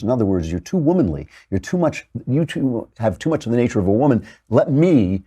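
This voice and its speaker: A man's voice: mid-range voice, very animated, a little fast, few pauses, dark tone, slightly rough. A man hosting a commentary monologue, earnest and lecturing, with frequent restarts. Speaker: host.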